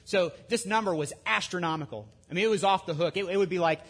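A man preaching a sermon in a conversational way, with lively asides and restarts. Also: sits high, fast talker, husky. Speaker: pastor.

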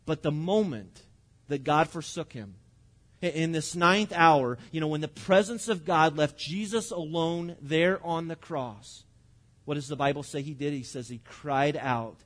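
A man, preaching a sermon in an earnest, conversational way and slowing down to stress scripture. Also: a little high, fairly bright tone. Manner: earnest and conversational, with frequent restarts and slowed emphasis on scripture. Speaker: pastor.

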